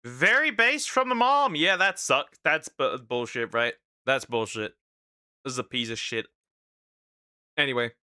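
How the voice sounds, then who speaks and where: A man's voice: medium pitch, expressive, a little slow, pushed and bright, clear, resonant tone, no echo, clean studio sound. A young man reacting to videos in casual live commentary, laughing often and repeating himself.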